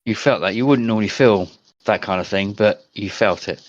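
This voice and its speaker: A man's voice: lowish voice, moderate pace, no echo, highs cut off. A man narrating as game master over online voice chat, describing scenes in a rambling, hesitant way.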